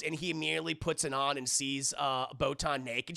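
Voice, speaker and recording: A man talks a live chat through an anime episode in a loose, rambling recap. His voice sits high for a man, with a strong gravelly fry and a bright edge. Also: fairly even intonation, brisk, hardly any pauses. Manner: rambling, fillers, addresses chat. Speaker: anime reviewer streaming live.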